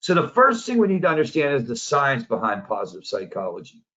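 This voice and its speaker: A man's voice: mid-range voice, wildly swooping pitch, fairly quick, fairly bright tone. A man in a mid-range voice tells a story casually and with energy, as a coach presenting to a group. The audio is dull and lo-fi, as if from a remote talk. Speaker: positive psychology coach, presenter.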